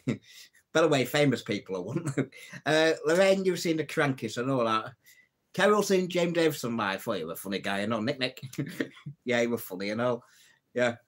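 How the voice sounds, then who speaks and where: A man's voice: medium pitch, expressive, normal speed, long pauses. A man hosting a casual live stream, telling old jokes, reading out viewer comments and laughing at his own punchlines. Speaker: livestream host.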